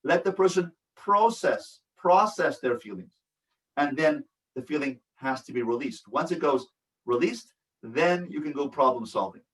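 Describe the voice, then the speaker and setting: A man's voice: fairly high pitch, lively intonation, a little slow, a bit bright, far from the mic, poor audio. A man, a rabbi, teaching a workshop in an earnest, repetitive way and acting out examples. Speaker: rabbi and family educator. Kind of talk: workshop lecture.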